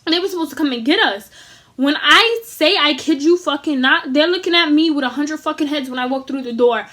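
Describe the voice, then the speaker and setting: A woman vlogger telling a story to camera in a casual, animated, profane and slangy way. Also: high-pitched, brisk.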